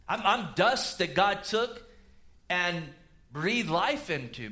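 A man preaching a sermon, swinging between loud emphatic rises and low quiet asides. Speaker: pastor.

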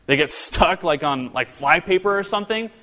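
A man's voice: high-pitched, expressive, moderate pace, bright, forceful tone. A man preaching a sermon as a pastor, talking in a conversational way with many rhetorical questions and restarts. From northern Kentucky. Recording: long reverb of a hall.

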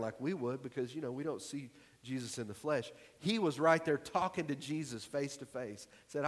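Male pastor, high-ish voice, easy conversational sermon, long church reverb. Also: animated, moderate pace, few pauses. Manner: conversational, emphatic preaching. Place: church hall.

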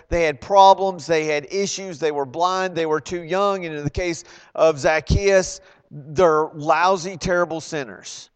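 Male preacher, high voice, lively sermon delivery with emphatic bursts, quizzes the congregation. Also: clean tone. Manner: animated, acts out quoted voices, loud emphatic bursts; asks the congregation questions.

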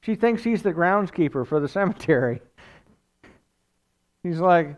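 A male pastor with a fairly high, smooth and resonant voice delivers a sermon like a storyteller, chatty and lively, with off-the-cuff asides. The recording sounds a little muffled. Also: slow pace, pauses often. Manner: conversational, animated storytelling with asides.

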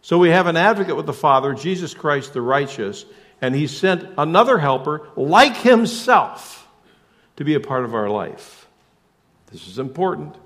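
A man preaching a sermon as pastor, emphatic, asking rhetorical questions and shifting suddenly between loud and soft. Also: on the high side, very animated, moderate pace.

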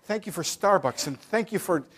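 A male preacher delivering a sermon, his voice sitting a little above the usual male pitch. He presses hard with rhetorical questions and mocks careless attitudes in quoted voices. His talk is emphatic and direct. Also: animated, normal speed, a bit bright, husky.

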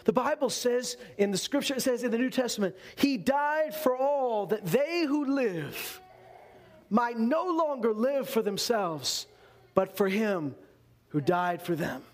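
Pastor from Canada, male, high-pitched, earnest sermon delivery with hushed scripture readings. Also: gravelly. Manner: earnest preaching, drops to hushed tones for scripture.

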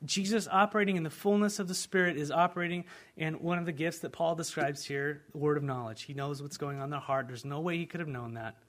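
A male pastor preaching a sermon, moving between quiet asides and loud, fervent pleas. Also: a little high, fast. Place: church sanctuary.

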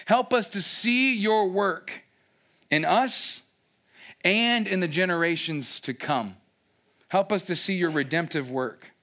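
A man's voice: fairly high pitch, pushed and bright. A man preaching who voices an old male prophet pleading with God in prayer, earnest and imploring.

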